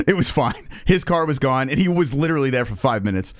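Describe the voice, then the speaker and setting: A man's voice: medium pitch, a little fast, no room sound. A young man telling a story on a live stream, cursing freely and acting out the voices of the people in it. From New York. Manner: animated, profane, acts out quoted voices. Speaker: podcast host.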